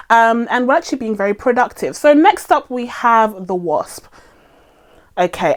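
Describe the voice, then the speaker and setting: Woman reviewer, higher-pitched voice, sarcastic and lively, laughs a lot while ranting casually to camera. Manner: animated, sarcastic, laughs often. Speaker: movie reviewer.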